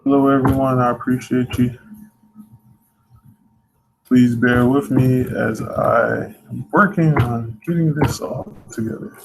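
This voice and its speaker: A man's voice: mid-range voice, slow, creaky, pauses often, noisy background. A man hosting a live stream, chatting casually and muttering to himself while he sorts out the broadcast.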